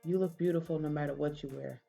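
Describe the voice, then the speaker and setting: A woman putting on a smooth, confident young man, soft and low-key, talking sweet to the girl he likes, a touch lower than her own voice. It sounds like a storyteller acting out a love scene. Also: steady tone, quick pace, faint music behind. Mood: easygoing.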